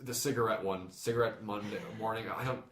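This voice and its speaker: A man co-hosting a podcast in casual chat, gushing with enthusiasm and stumbling over repeated words when excited. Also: on the low side, fairly quick, a crowd in the background. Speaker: podcast co-host. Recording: roomy echo.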